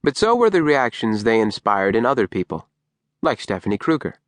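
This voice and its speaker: A man narrating a memoir-style audiobook in a calm, measured way. His voice sits at an ordinary middle pitch. The sound is dry and close, with no room at all. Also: no echo. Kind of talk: scripted narration.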